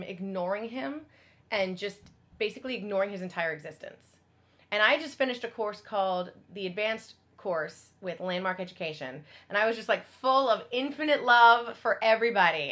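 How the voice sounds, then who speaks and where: A woman vlogger telling a personal story to camera, earnest and excited, chatty with lots of fillers and quoted dialogue. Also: medium pitch.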